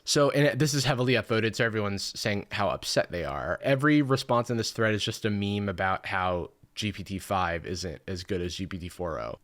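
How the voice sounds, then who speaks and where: A man in his thirties hosting a commentary video, reading online posts aloud with sarcastic asides and jumping into high, mocking voices for the quotes. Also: big pitch swings, fairly quick, hardly any pauses, fairly bright tone.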